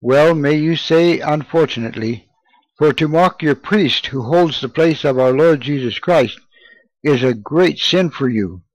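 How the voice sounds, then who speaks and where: A man's voice: fairly high pitch, a little slow, dry recording, highs cut off. A man reading the part of a haughty parish priest who presses a boy with questions. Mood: stern.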